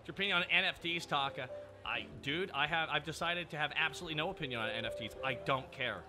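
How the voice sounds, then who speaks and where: A man's voice: on the high side, fast talker, music in the background. A man streaming live, chatting casually with viewers in a sardonic, profane, ranting way.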